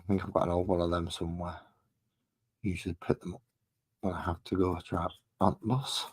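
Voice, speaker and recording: Low husky-voiced man. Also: level tone, brisk, poor audio. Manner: chatty, self-deprecating, thinking aloud. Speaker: miniature painting hobbyist host. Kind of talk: casual rambling chat while painting.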